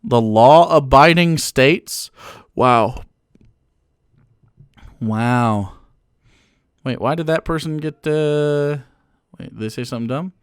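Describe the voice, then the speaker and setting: A man's voice: mid-range voice, takes it slowly, long pauses, smooth, no room sound, clean studio sound. Sarcastic young male streamer. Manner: sarcastic and mocking, with frequent fillers and laughs. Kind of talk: casual political commentary on a live stream.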